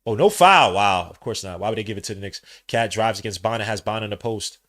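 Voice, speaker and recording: A young man doing live watch-along commentary as a podcast host, trading muttered play-by-play for loud slangy outbursts. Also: fairly low pitch, fairly even intonation, fast.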